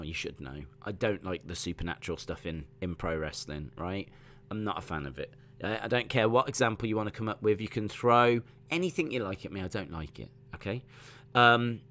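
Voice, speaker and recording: A man's voice: fairly low pitch, bright, forceful tone. A man chatting casually as a wrestling watch-along streamer, rambling with lots of fillers. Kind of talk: casual live-stream commentary.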